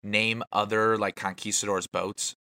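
A man's voice: fairly low pitch, little pitch movement, a little slow, sharp tone. A man in casual, profane chat, laid-back and chiming in with jokes.

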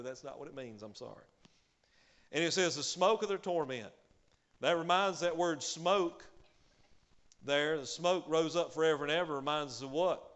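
Male preacher with a fairly high voice. Delivers an emphatic sermon that swings between loud and soft, with frequent hallelujahs. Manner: peppers speech with hallelujah.

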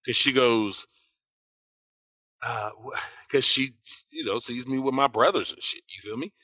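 A man's voice: mid-range voice, measured pace, sharp tone, husky, no room sound, muffled recording. A man co-hosting a podcast in casual chat, laid-back and slangy. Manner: laid-back, slangy, many "you feel me" asides. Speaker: podcast co-host.

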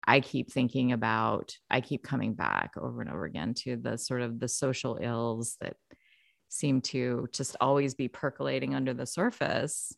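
A woman hosting a podcast who talks reflectively in casual conversation and thinks out loud. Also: very deep voice, moderate pace, vocal fry, dry recording, studio quality. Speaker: podcast host.

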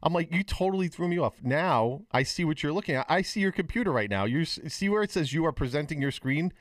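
A man's voice: fairly high pitch, fast, no echo. Male podcast co-host, casual rambling talker, dry close sound, full of restarts. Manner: rambling, animated storytelling with many restarts. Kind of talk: casual chat on a video call.

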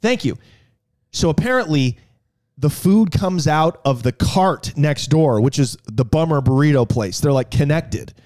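A man's voice: on the high side, expressive, unhurried, darkish tone. A man telling a crude comic story on a podcast, ranting with lots of swearing and stammered restarts.

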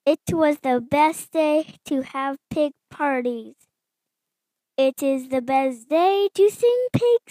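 A woman voicing an excitable, cheerful female pig from a picture book in a slow, eager, sing-song reading. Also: sits high, no echo.

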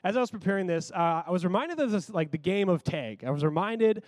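Man, high-pitched, dry close sound, animated storytelling sermon, casual fillers. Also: fast, dry recording. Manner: animated, conversational, frequent "like".

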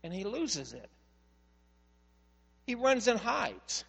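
A male pastor preaching a sermon, telling a story in a conversational, animated way. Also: sits high, slow pace, creaky, husky, long reverb tail.

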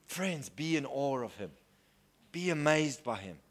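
A man preaching a sermon earnestly, moving between soft hushed lines and loud emphatic declarations. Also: medium pitch, lively intonation, a little slow.

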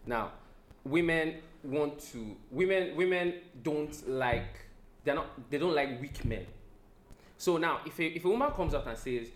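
A man's voice: fairly high pitch, lively intonation, measured pace, echoey room. A man in a casual podcast debate, restarting his sentences and laughing as he defends his point. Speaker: podcast guest.

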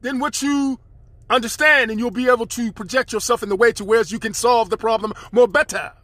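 A man's voice: very high voice, fairly even intonation, fairly quick, fairly bright tone, no room sound. A man hosting his own podcast, delivering a rambling spiritual monologue with preachy, chanted repetitions. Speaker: podcast host.

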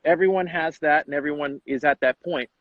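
An excited man hosting a relaxed sports chat, tossing in slang and acting out quotes. His voice sits a little high. The recording is dull and very dry. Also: brisk, dry recording. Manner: enthusiastic, slangy, acts out quotes. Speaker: coach and podcast host. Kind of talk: casual interview chat.

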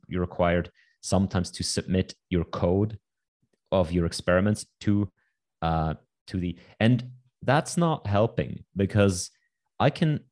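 A man talking as a podcast guest in a casual interview, quick and wry with lots of asides. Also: sits low, darkish tone.

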